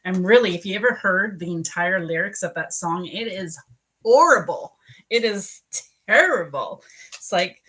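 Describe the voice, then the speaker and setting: A woman's voice: mid-range voice, lively intonation, normal speed, a bit bright, husky, poor audio. A woman psychic medium giving chatty live readings to viewers, teary and emotional at times. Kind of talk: casual live-stream reading.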